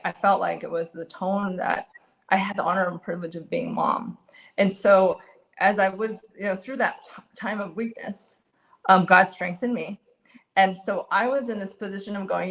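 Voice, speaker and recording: A middle-aged woman giving a candid personal testimony as an interview guest, earnest and halting with frequent restarts. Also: medium pitch, creaky.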